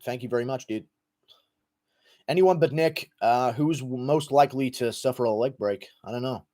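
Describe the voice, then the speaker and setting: A man's voice: mid-range voice, normal speed, warm tone. A man hosting a casual livestream, thanking donors and giving loose, profane takes in a rambling, laid-back way. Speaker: livestream host reading donations.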